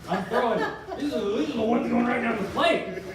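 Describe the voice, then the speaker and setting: A man's voice: very high voice, normal speed. A man of thirty doing a live stand-up set, rambling and self-deprecating. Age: 30s. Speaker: stand-up comedian. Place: live comedy venue. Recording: echoey room from far off, crowd noise.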